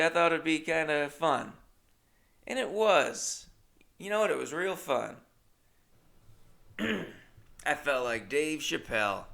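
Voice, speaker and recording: Gravelly bright-voiced man telling stories. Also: medium pitch. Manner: rambling, self-mocking, laid-back. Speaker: comedian and host. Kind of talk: casual comedic storytelling.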